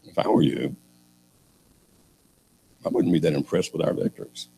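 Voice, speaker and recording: A man's voice: extremely low pitch, normal speed, creaky, dark tone, a little hiss or hum. An older man preaching a sermon, telling a story with sarcastic humor and acting out the characters.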